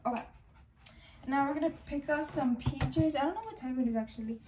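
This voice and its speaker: A woman's voice: high-pitched, expressive, a little fast, a little hiss or hum. A young woman chatting casually to camera in a home vlog, rambling on as a self-described yapper, recorded on her phone at home. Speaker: vlogger.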